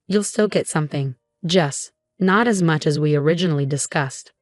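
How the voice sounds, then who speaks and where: Scornful drunk dad with a slurred cold voice read by a woman, kinda low. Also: moderate pace, no echo, studio quality, close to an everyday voice. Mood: calm. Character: drunk scornful middle-aged father.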